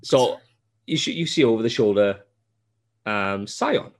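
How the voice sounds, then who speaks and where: A man chatting on a podcast about a game he plays. He tells the story in an animated, sweary way, restarting his sentences as he goes. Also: on the low side, measured pace. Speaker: podcast host. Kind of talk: casual gaming chat.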